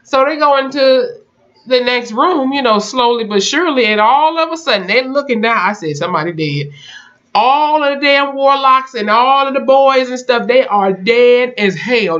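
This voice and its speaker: A chatty reviewer walks through a TV episode scene by scene, all slang and cursing, and slips into the characters' lines along the way. The voice sits at a mid pitch. The recording sounds dull and lo-fi. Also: moderate pace. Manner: animated storytelling with slang and swearing; acts out characters' lines in quotes. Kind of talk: casual episode recap.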